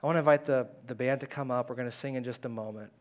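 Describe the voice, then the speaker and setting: A male pastor giving a conversational, animated sermon in a church, at times dropping to a hush. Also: medium pitch, racing. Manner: conversational and animated, dropping to hushed tones for quoted words. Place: church sanctuary.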